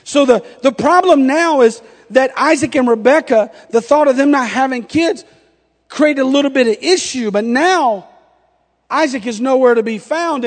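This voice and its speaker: A man in his thirties preaches a sermon with a strikingly high voice, telling a playful story and acting out every exchange. His words ring out with a long hall reverb behind them. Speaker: pastor.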